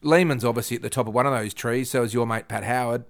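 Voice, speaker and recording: A man's voice: medium pitch, quick pace, creaky. A man, a regular on a podcast, who laughs often and answers with banter. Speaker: podcast panelist. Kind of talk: casual chat.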